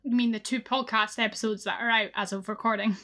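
A woman's voice: a little high, steady tone, fast talker, bright, forceful tone. A young Scottish woman co-hosting a podcast, chatting casually and laughing often. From Scotland. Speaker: podcast co-host. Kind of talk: casual chat.

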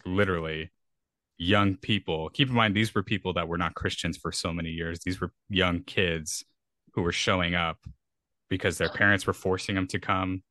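A man's voice: low voice, pushed and bright, no echo, studio quality. A young man co-hosting a podcast, talking earnestly in a rambling, casual way with frequent restarts. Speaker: podcast co-host. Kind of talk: casual conversational discussion.

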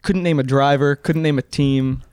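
A man's voice: medium pitch, fairly even intonation, normal speed, a little mellow, smooth, no echo. A young man chatting as a podcast guest, laid back and a bit hesitant, often repeating words as he talks. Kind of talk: casual chat.

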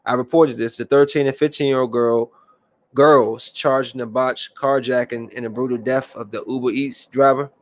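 Guy reading news headlines and going off on them, loose rambly talk, pretty dry sound, regular pitch. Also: normal speed, no echo. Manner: rambling, loose, stops to react and vent; reads headlines aloud in a flatter tone. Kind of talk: casual solo commentary. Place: room with a window.

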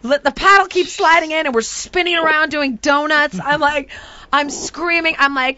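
A woman's voice: high-pitched, normal speed. A woman telling a comic story in a dramatic way, laughing and shrieking when she quotes herself. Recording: dull lo-fi audio with background noise.

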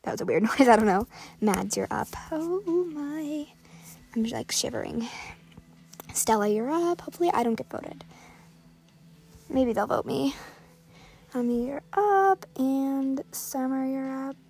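A female gaming creator giving excited live commentary, rattling off items quickly and sometimes dropping to a whisper. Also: high voice, gravelly. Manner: excitable, calls out items rapidly, drops to whispers.

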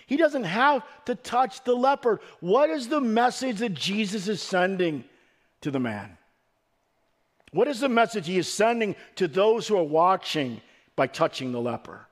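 A pastor delivering a sermon, a man whose voice sits noticeably high for his sex. He preaches earnestly and emphatically, pressing some lines and dropping others to a near hush. Now and then he stumbles and restarts a phrase. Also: animated, unhurried.

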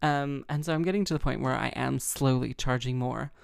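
Woman, gravelly vocal fry, rambling self-mocking podcast chat, dry close sound. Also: a bass voice, brisk, no echo. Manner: chatty, self-mocking, rambling with many fillers. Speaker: harpist and podcast host. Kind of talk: casual solo podcast chat.

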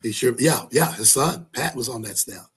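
Male coach guest, raspy mid-pitch voice, rambling folksy storyteller. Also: lively intonation, moderate pace, a bit bright. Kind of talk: casual chat.

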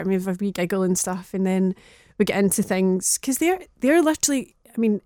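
A woman chatting as a podcast guest, frank and easygoing and quick to laugh. Her voice sits at a middle pitch, and the recording is close and dry, with no room sound. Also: lively intonation, dark tone, no room sound. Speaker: guest, dominatrix and campaigner. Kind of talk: casual podcast chat.

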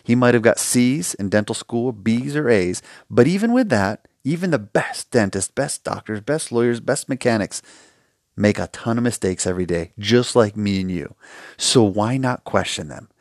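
A man with a low, gravelly voice hosts a solo advice podcast. He talks with emphatic passion and acts out quick back-and-forth exchanges. The recording is dry and close, with no room sound. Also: darkish tone, no room sound. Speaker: podcast host.

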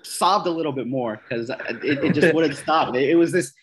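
A man's voice: fairly high pitch, moderate pace. A man in casual podcast chat, rambling through a story, repeating words and laughing at himself.

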